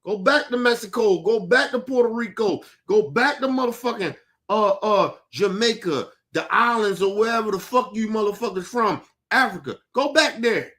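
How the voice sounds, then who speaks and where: A man delivering a heated, profane rant as a podcast host, shouting and repeating himself. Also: sits high, expressive, moderate pace.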